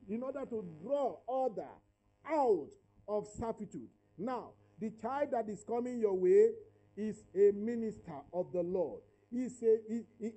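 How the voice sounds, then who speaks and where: A man's voice: high voice, mellow, poor audio. A male pastor preaching and praying fervently, declaring and repeating phrases. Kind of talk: sermon and prayer.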